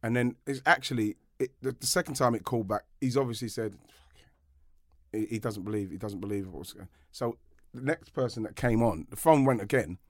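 A man's voice: mid-range voice, brisk, no echo, clean studio sound. A middle-aged man, co-hosting a podcast and telling a long story in a rambling way, with many restarts. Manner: rambling, with frequent restarts and laughter. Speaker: podcast co-host, former footballer. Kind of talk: storytelling in casual chat.

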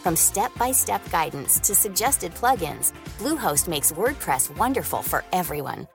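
A woman's voice: lowish voice, big pitch swings, a little slow, gravelly. A woman reading an advertisement in a polished, upbeat sales voice. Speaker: ad announcer. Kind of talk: read advertisement. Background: faint music.

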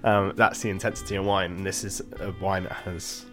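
A man's voice: sits low, little pitch movement, brisk, music in the background. A man co-hosting a podcast, bemused in banter and explaining wine at length. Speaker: podcast co-host, wine fan. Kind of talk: casual banter.

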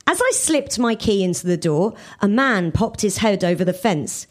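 A woman comedian reads her own comic fan fiction to a live audience, in an animated, giggly way. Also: mid-range voice, moderate pace, few pauses.

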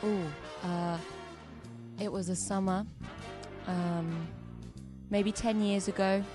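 A young woman guest on a comedy radio show, telling a story in a cheeky deadpan way. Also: mid-range voice, slow, music in the background. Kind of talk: casual comedic chat.

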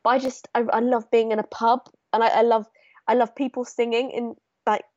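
A woman's voice: fairly high pitch, fairly quick, no room sound. A woman co-hosting a podcast, telling stories with enthusiasm. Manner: enthusiastic, animated storytelling. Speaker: podcast co-host. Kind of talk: casual chat. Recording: dry, dull remote line.

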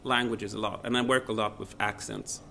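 Bright-voiced Swedish male guest. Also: fairly low pitch, fairly quick, creaky. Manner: animated storyteller, acts out quotes. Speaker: guest, radio presenter. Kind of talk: casual interview chat.

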